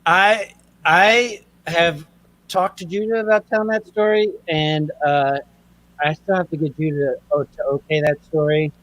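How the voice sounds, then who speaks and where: A young adult man co-hosting a podcast, telling family stories in a casual, animated way and acting out voices. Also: fairly high pitch, a little slow, dry recording. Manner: animated storyteller acting out his dad's lines. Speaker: podcast co-host.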